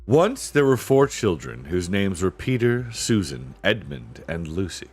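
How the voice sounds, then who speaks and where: A man reading a children's novel aloud in a relaxed, unhurried way, clearing his throat now and then. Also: deep voice, faint music behind. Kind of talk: casual read-aloud storytelling.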